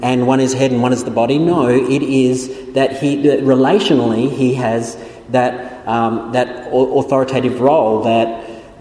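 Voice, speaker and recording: In a long-reverb, echoey room, a man who teaches the Bible lectures on theology, explaining as he goes and often restarting sentences amid plenty of fillers. His voice is mellow and mid-range.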